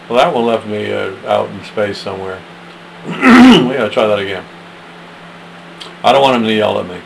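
A man's voice: lowish voice, big pitch swings, normal speed, vocal fry, pauses often, a little hiss or hum, rough recording. A man practicing readings aloud, muttering self-deprecating asides between attempts. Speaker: amateur reader of verses.

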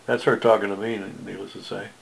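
Gravelly-voiced man in his seventies, rambling. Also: lowish voice, little pitch movement, fast talker, poor audio. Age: 70s. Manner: joking, self-mocking, wandering asides. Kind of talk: rambling casual monologue.

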